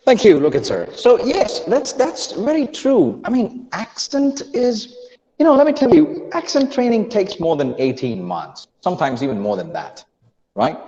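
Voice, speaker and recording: An accent and pronunciation trainer teaches an online lesson, animatedly coaxing his students and repeatedly restarting sentences. His voice sits high at a moderate pace, with big-room, lo-fi sound.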